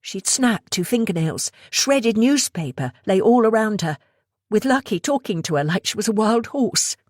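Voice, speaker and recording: A woman narrating a thriller audiobook in a steady, even reading voice. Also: medium pitch, normal speed, dry recording, studio quality. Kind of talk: scripted narration.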